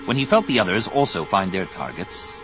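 Man, deep voice, lively melody, audiobook narration, music underneath. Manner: expressive, measured storytelling. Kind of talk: scripted narration.

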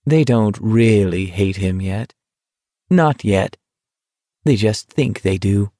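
A detached young walker speaks in a calm, knowing drawl, as a male narrator reads him. The voice is low and deliberate, and the recording is close and dry. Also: no room sound.

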